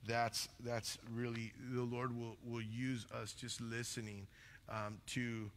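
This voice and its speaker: A man preaching a sermon as pastor, talking loudly and passionately, acting out little stories as he goes. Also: mid-range voice, takes it slowly, in a large hall, a little hiss or hum. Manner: loud, passionate, animated storytelling. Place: church sanctuary.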